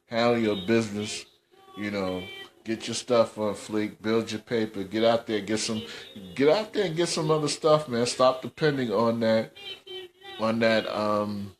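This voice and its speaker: A man's voice: on the low side, measured pace. A man hosting a casual commentary podcast, scolding in slangy, repetitive talk. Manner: scolding, slangy, repeats himself. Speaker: host.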